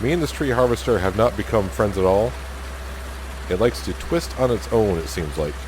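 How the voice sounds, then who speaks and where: A man hosting a casual let's-play, talking through his farm chores in an easygoing, self-deprecating way and thinking out loud. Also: lowish voice, expressive, moderate pace, noisy background. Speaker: gaming channel host.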